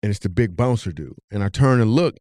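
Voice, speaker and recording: A man hosting a podcast, telling a comic story with animated delivery. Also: fast talker, dry recording, clean studio sound. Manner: animated, jumps high when telling the punchline. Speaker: comedian and podcast host.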